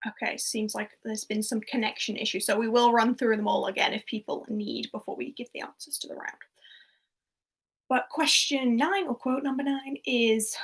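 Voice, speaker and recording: A woman's voice: a little high, steady tone, normal speed, slightly rough, rough recording. A young woman hosting a livestreamed quiz in a casual, chatty way. She laughs often and reads questions out, then repeats them. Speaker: quiz host.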